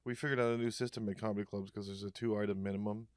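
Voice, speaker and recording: A man co-hosting a podcast, trading crude jokes and breaking into loud put-on voices. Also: lowish voice, steady tone, very fast, smooth, dry recording, clean studio sound. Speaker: podcast co-host. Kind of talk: crude comedic banter.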